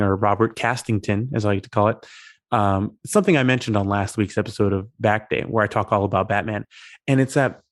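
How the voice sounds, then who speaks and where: Guy co-hosting a movie podcast, lowish voice, jumps in to explain stuff, dead dry sound. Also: dry recording. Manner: animated, quick explaining, demonstrates voices. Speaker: podcast co-host. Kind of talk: casual film discussion.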